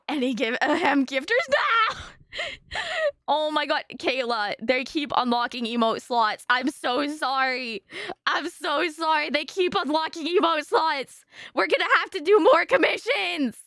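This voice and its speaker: A woman's voice: high-pitched, a little slow, a bit bright, no room sound, studio quality. A young woman streamer chatting casually on a live stream, gushing thanks to her viewers.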